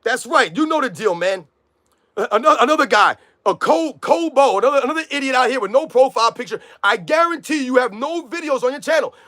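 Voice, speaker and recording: A man ranting loudly on a sports live stream, combative and repetitive, calling out chat viewers by name. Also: very high voice, lively intonation, fairly quick. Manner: loud, combative, repetitive rant.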